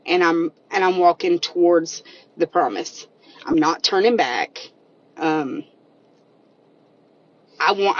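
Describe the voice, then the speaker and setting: A woman tells a personal church testimony, earnest and emotional, at a middle pitch. Her voice comes through a dull, lo-fi recording. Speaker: member of a church women's group sharing a testimony. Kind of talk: personal testimony in casual talk.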